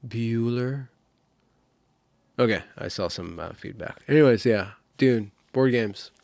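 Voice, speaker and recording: A man hosting a casual livestream, rambling and apologetic, losing his train of thought, with his voice in rough shape. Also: lowish voice, normal speed, a little mellow, no room sound. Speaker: livestream host.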